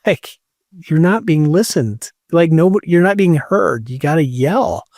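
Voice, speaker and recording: A man's voice: fairly high pitch, expressive, a little slow, darkish tone, no echo, clean studio sound. A middle-aged man casually telling a long personal story, rambling and swearing with lots of "like". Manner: rambling, swearing, many likes. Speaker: podcast host.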